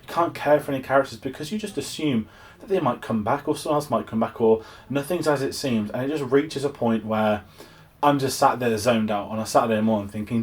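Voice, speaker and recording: A man's voice: medium pitch, a little fast. A young English man giving a casual, exasperated film review, rambling with frequent restarts. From England.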